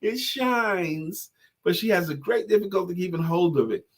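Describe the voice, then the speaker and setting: A man co-hosting a talk show, chatting casually and telling animated stories. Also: sits high, moderate pace. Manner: animated storyteller, acts out voices in jokes and stories. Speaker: podcast co-host. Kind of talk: casual chat with storytelling.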